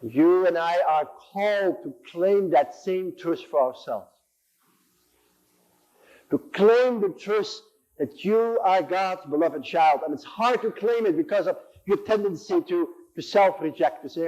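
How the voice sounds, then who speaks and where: A man's voice: high voice, a little slow, a little mellow, poor audio. A man in his sixties giving an impassioned sermon in a church, building on repeated phrases and acting out inner voices. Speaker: preacher.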